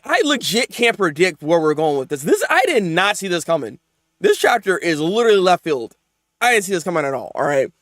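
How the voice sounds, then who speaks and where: A man streaming a live manga reaction, talking in loose, slangy bursts and laughing a lot. His voice sits high and leaps around wildly. The sound is dry and close, with no room around it. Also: no room sound. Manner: excitable, laughs often, jumps between mumbling and loud outbursts; casual slangy talk.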